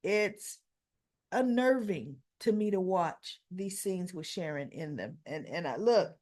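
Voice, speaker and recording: A woman hosting a casual spoken soap opera recap, telling it in an animated, opinionated way and acting out the characters' lines. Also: lowish voice, a little slow. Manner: acts out characters' dialogue.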